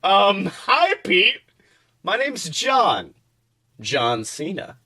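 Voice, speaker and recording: A man playing an awkward young guy, flustered and stumbling over his words. The voice is bright and sits a touch high for a man. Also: huge pitch swings, extremely slow, exaggerated voice. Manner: nervous and hesitant.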